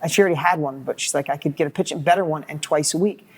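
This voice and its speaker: A middle-aged man, a guest in an interview, telling a motivational story with lively, acted-out dialogue and quick repeated words. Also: on the high side. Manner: animated, acts out quoted dialogue, repeats words when excited.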